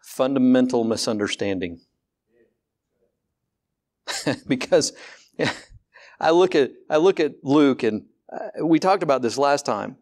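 A male pastor preaching in a candid, conversational way. His voice sits at an ordinary pitch, neither high nor low. He repeats words as he goes, slows down to stress key points and asks rhetorical questions in a rising voice. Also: animated, a little mellow. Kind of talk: sermon.

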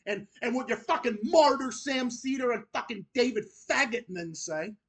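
A man's voice: very high-pitched, normal speed, breathy edge. Angry, profane man ranting. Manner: profane, combative, repetitive. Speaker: channel host. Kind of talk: angry rant to camera.

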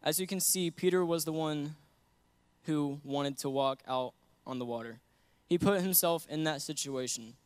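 A man's voice: medium pitch, clear, resonant tone, no room sound. A young man giving an earnest sermon that mixes scripture with a personal story, often laughing between points. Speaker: guest preacher.

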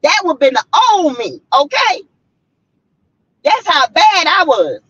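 A woman's voice: sits high, sing-song, takes it slowly, fairly bright tone, lo-fi sound. A woman from South Carolina, a vlogger, delivering a fiery, preachy, blunt rant to her viewers from her car.

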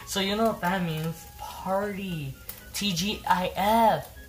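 A woman's voice: medium pitch, takes it slowly. A woman chatting casually to camera in a home kitchen, rambling and giggling, with lots of fillers. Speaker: vlogger.

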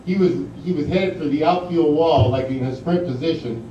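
A man's voice: a little high, normal speed, dark tone, a little hiss or hum. A middle-aged man giving a speech full of rambling anecdotes, with many fillers, laughing at his own stories. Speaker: guest speaker at an induction ceremony. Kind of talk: storytelling speech. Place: large banquet hall. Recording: distant, muffled, echoey hall recording.

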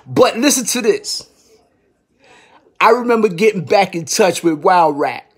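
Husky-voiced New man, storyteller vlogger, slangy, jumps from loud to low mutter. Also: a little slow. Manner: animated street slang, swings from loud exclaiming to hushed muttering. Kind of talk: casual storytelling vlog.

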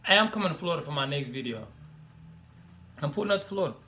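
A man's voice: on the high side, rapid-fire, heavy background noise. A young man hosting a reaction video, talking in loose slang, exclaiming and laughing as he comments. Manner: animated, slangy, exclaims and laughs between remarks.

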